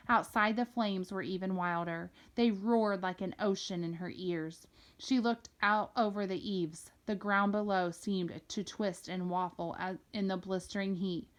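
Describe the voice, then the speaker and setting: A woman reads a novel aloud in a steady, expressive storytelling voice. She carries the narration at an even pitch, neither high nor low. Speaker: reader.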